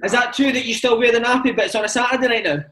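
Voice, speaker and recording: A man's voice: extremely high pitch, very fast, pushed and bright. A man hosting a casual podcast, full of enthusiastic, laddish banter. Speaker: podcast host. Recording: echoey room.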